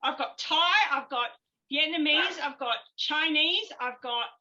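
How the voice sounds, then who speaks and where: A woman with an Australian accent tells lively anecdotes in a high, bright voice. She talks quickly and laughs as she goes. The sound is dull and lo-fi. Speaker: guest speaker, former naval officer. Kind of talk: casual event conversation.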